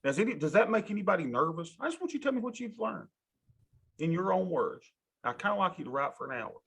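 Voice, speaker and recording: A man lecturing a college class, animated and folksy, talking straight to his students in a classroom. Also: sits high, fast, slightly rough. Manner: animated, talks to students directly, folksy asides. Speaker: college instructor.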